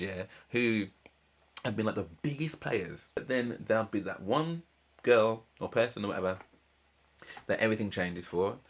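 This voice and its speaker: A young man rants his way through a reality-show reaction. His voice sits low and comes out a bit husky, full of slang and repeated phrases as he gets worked up. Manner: animated, ranting, slangy, repeats himself. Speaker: reaction channel host. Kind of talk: casual reaction commentary.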